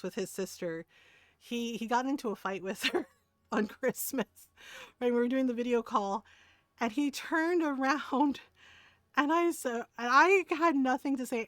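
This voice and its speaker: High-voiced woman telling a lively story. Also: dry recording, clean studio sound. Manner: animated storyteller, laughs often, tags lines with "right?". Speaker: game streamer. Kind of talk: casual chat.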